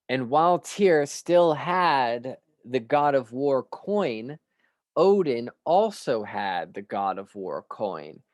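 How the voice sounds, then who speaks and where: A man giving an unscripted spiritual studies lecture, measured and musing, pausing often and posing rhetorical questions. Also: medium pitch, dry recording, studio quality. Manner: clears his throat now and then.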